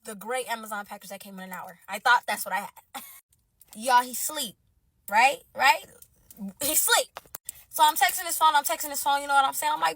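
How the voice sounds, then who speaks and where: A woman telling a dating story in casual, animated slang, talking straight to her viewers as y'all. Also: sits high, brisk.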